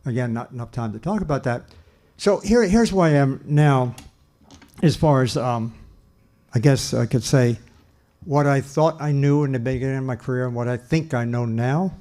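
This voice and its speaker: A man's voice: medium pitch, normal speed, mellow. An older man giving a public lecture on nutrition, earnest and emphatic, often repeating phrases and restarting sentences.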